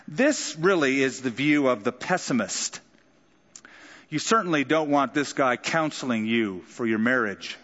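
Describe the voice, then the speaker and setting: Conversational preacher in a reverberant hall. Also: male voice, medium pitch, animated, measured pace, a bit bright, lo-fi sound. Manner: conversational preaching with dramatic quoted voices. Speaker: pastor. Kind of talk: sermon.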